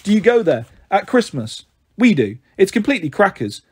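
Husky man reading a story aloud. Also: sits high, moderate pace. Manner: lively first-person storytelling. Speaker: audiobook reader.

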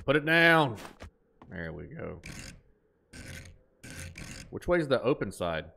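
A man's voice: medium pitch, big pitch swings, slow pace, gravelly, pushed and bright, a little hiss or hum. A man with an Appalachian twang, chatting casually while streaming a game, reading chat aloud and laughing easily.

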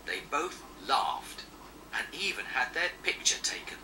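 A man narrating a children's storybook in an expressive, animated way. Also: fairly high pitch, a little slow, far from the mic, a little hiss or hum, rough recording.

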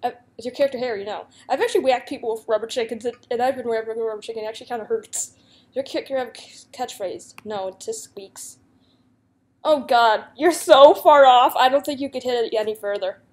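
A woman's voice: a little high, fairly even intonation, fast, a little mellow, slight background noise. A young woman YouTuber chatting casually and giggling as she reads out a guessing game's questions and answers them. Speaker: YouTuber playing a guessing game. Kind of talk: casual gameplay commentary.

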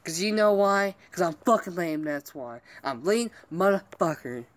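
A man's voice: sits high, lively intonation, normal speed. A man venting to his viewers in a vlog, upset and rambling, swearing constantly and apologizing for going off. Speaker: vlogger.

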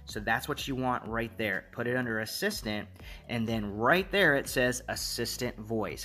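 A man's voice: mid-range voice, a bit bright. A man hosting a tech tutorial, giving easygoing, repetitive step-by-step instructions with casual fillers.

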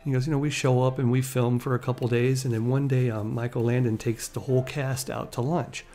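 A man's voice: mid-range voice, little pitch movement, brisk, mellow. A man hosting a classic TV channel, telling anecdotes in a chatty, casual way and laughing as he goes. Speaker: host. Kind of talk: casual storytelling.

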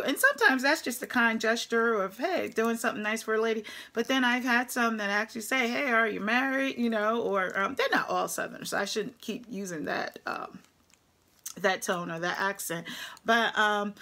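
A woman's voice: mid-range voice, bright, forceful tone. Chatty woman trucker talking to camera. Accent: New Jersey. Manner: chatty, frank, laughs often, puts on voices in her stories. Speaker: truck driver vlogger. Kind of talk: casual talk to camera. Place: at her computer.

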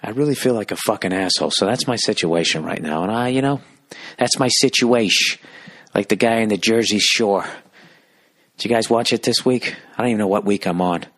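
A man hosting a podcast, telling a story in a profane, animated, exasperated way. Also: fairly low pitch, fairly quick, no echo, clean studio sound. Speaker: podcast host, comedian. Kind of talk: ranting comic storytelling.

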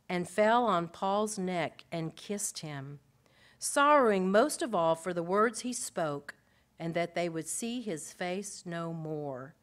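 A pastor's wife giving a Bible lesson to a group of women. She speaks earnestly and expressively, moving between emphatic and soft passages and asking her listeners many rhetorical questions. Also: medium pitch. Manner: expressive, swings between emphatic and softly spoken.

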